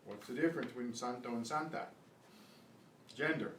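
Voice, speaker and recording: A man teaching a beginners Spanish class, patiently repeating words slowly for pronunciation drills. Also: a bit bright. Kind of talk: beginner language lesson. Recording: echoey room, voice from a distance, faint rumble.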